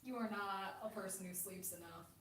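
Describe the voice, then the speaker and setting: A woman hosting a livestream, chatting casually and laughing often, with a self-deprecating manner and some vocal fry. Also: medium pitch, normal speed, a bit bright, echoey room, recorded from a distance, slight background noise. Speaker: livestream host. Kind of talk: casual chat.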